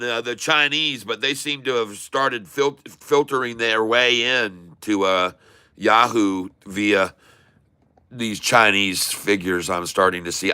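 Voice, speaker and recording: A man hosting a casual stock trading livestream, folksy and excitable, chatting to viewers while he trades. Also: mid-range voice, slow, clean tone, dry recording, studio quality. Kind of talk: casual live market commentary.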